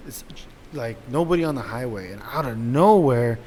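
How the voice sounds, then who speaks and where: Young dude ranting a story, swears a lot, kinda echoey room with some hiss. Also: male voice, mid-range voice, normal speed. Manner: animated, profane, laughing storyteller. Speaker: podcast host. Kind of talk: casual storytelling. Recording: echoey room with faint noise.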